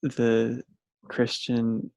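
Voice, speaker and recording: A young man joins a casual movie chat as co-host, dropping dry one-liners. His voice has a gravelly fry to it. The recording is close and dry. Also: medium pitch, monotone, very slow, darkish tone, no room sound. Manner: dry jokey quips.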